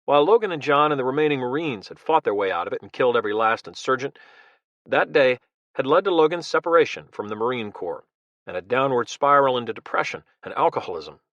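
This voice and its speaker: A man reading a thriller audiobook in a steady, measured narration. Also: medium pitch, no room sound, lo-fi sound.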